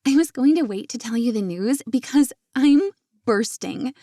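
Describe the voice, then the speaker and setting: A chatty, teasing young woman bursting with gossip, as a woman narrator voices her. The voice sits a little higher and brighter than the narration, bouncing with excitement. Her tone stays warm and mellow underneath. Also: moderate pace, dry recording, clean studio sound. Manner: teasing, bubbly, raised pitch.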